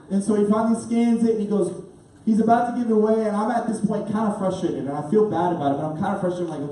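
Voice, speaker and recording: Young guy, youth preacher telling a funny story, high mellow voice, far off in a super echoey room. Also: fast, slight background noise. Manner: animated, laughing storyteller, many fillers. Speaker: youth pastor.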